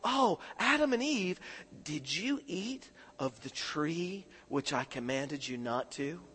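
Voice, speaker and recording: A man voicing God as a patient, fatherly male figure who asks soft, probing questions. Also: extremely high pitch, animated, unhurried, pitched above the performer's own voice, full character voice. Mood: gently questioning. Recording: echoing hall reverb.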